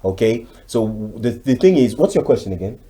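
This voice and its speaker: A man's voice: mid-range voice, normal speed. A Nigerian man, a voiceover artist, talking expressively as a guest on a TV interview. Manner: expressive, chatty, with frequent fillers. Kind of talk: TV interview talk.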